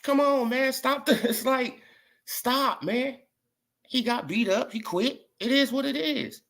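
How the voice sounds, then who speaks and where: Slow and very high-voiced with a slightly bright tone, a man hosts a boxing vlog and delivers a casual opinion rant. He mocks and repeats himself, often asking "right?" and "you feel what I'm saying."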